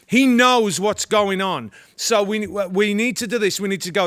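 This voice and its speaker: A man commenting on politics in a casual chat, forceful and rallying. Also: high voice, measured pace.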